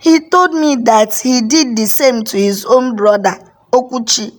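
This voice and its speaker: A woman's voice: a little high, unhurried, close to an everyday voice. A woman voicing a guilty grown son who cries, stammers and pleads in tears. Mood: remorseful. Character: grown male son, guilty, wailing under ghostly flogging.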